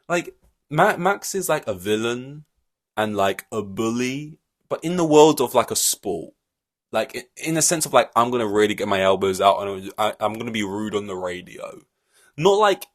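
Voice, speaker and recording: A man hosting a solo podcast, talking in a rambling, animated way full of fillers and restarts. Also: lowish voice. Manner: rambling and animated, many fillers and restarts, laughs between points. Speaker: podcast host. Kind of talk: solo casual podcast commentary.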